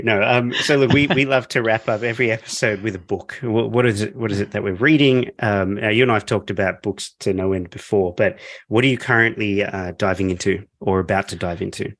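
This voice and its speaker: A man's voice: fairly low pitch, moderate pace, fairly bright tone, no echo, studio quality. A man hosting a podcast interview, chatty and joking with lots of fillers. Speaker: podcast host. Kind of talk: casual interview chat. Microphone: podcast microphone.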